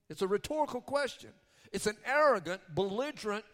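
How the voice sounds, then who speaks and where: Pastor preaching in a reverberant church. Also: male voice, high voice, lively intonation, a little fast. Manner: builds from chatty announcements to shouted emphasis. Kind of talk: sermon. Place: church sanctuary. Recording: long reverb of a church hall.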